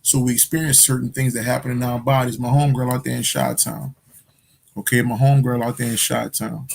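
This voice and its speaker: A man's voice: medium pitch, flat delivery, fairly quick, creaky, slight background noise. Laid-back man chatting with viewers in slang. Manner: loose, profane street slang, repeats phrases. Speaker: spiritual livestream host. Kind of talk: casual livestream chat answering viewer questions.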